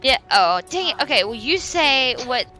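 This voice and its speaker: A woman's voice: high-pitched, sing-song, normal speed, pushed and bright, soft background music. A woman chatting and teasing her friends during online play, giggling often. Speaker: gamer on a group stream.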